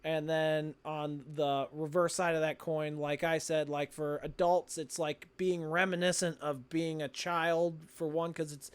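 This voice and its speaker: A man's voice: fairly high pitch, flat delivery, measured pace, few pauses, smooth. A man co-hosting a podcast, chatting casually about a film, often laughing and trailing off mid-sentence. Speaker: podcast co-host. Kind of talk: casual chat.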